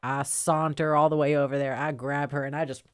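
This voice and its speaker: A woman's voice: low-pitched, fairly quick, crowd noise. A woman, a podcast co-host and pro wrestler, telling stories in a casual studio chat and laughing often as she talks. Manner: animated storyteller who laughs often.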